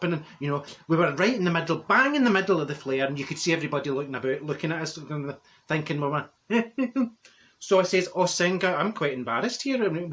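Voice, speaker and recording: A man's voice: a little high, fairly bright tone. A man playing a chatty older woman from Glasgow with a Glaswegian Scottish accent, telling a rambling comic story and laughing at his own jokes. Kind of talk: comic character monologue.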